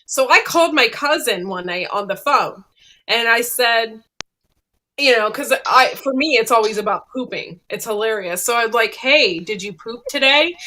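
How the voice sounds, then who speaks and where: A woman's voice: a little high, normal speed. A woman co-hosting a casual chat show, telling stories with lots of laughter. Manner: animated storyteller, laughs a lot. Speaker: podcast co-host.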